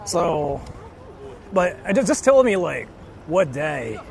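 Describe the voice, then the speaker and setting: A man's voice: a little high, sing-song, slow, creaky, a little mellow. A young man live-streaming outdoors on a city street, reading chat aloud and rambling with lots of "like". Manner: rambling, heavy use of "like". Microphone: portable streaming mic.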